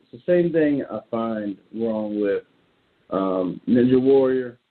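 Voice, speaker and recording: A man holds forth as host in loose, animated commentary, blunt and profane as he reacts out loud. His voice sits at an ordinary middle pitch. The sound is thin and tinny, like a phone line. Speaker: show host. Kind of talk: casual ranting commentary.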